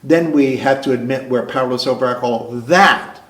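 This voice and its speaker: A man sharing his personal recovery story at a meeting, earnest and halting, often restarting his sentences. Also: medium pitch, a bit bright. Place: recovery club meeting room. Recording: roomy club meeting hall.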